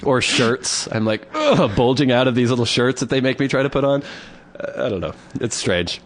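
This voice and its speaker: A man's voice: mid-range voice, normal speed. A young man co-hosting a comedy podcast, telling stories in casual chat and mimicking grunts and yelps. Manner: animated storytelling, mimics women's grunts. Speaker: podcast co-host.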